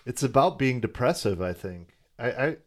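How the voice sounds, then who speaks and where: A man's voice: mid-range voice, lively intonation, normal speed. Wry male podcast co-host. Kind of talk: casual chat recapping cartoons.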